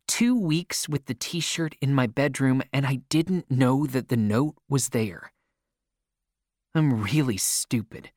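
A man narrating a first-person story in an emotional, expressive reading voice. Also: medium pitch, takes it slowly, no echo, clean studio sound.

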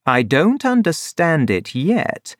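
A man voicing a calm, shrewd middle-aged detective in a storybook reading, low and measured. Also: dry recording, clean studio sound. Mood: probing.

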